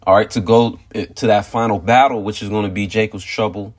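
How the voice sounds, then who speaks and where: A man with a fairly low voice tells a story from his workday in a loose, rambling way, with "you know" in almost every sentence. He then turns it into informal spiritual teaching and keeps pressing each point with "okay" and "all right". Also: steady tone, a little fast. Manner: emphatic, repeats "okay" and "all right" to drive points home. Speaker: religious teacher sharing a testimony.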